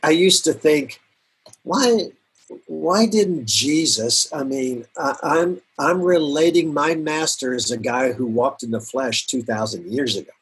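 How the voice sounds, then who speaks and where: A middle-aged man speaking as a guest pastor in an earnest, reflective faith conversation, often laughing softly and repeating words. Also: mid-range voice, husky.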